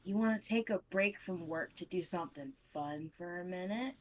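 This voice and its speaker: A woman's voice: fairly low pitch, moderate pace, close to an everyday voice. A woman playing a soothing young adventurer. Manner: soothing, coaxing.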